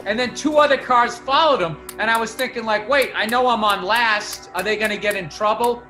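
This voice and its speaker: Man, high voice, swearing, ranting storyteller, music playing behind. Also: brisk, pushed and bright. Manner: profane, ranting, fired up. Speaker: podcast guest comedian. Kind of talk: casual storytelling chat.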